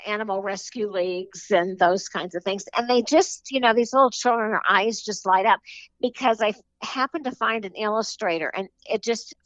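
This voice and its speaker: Brief: woman author in an interview, chatty and rambling with fillers, mid pitch, dull dry recording. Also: moderate pace, fairly bright tone, dry recording. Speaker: children's book author. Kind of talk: casual interview talk.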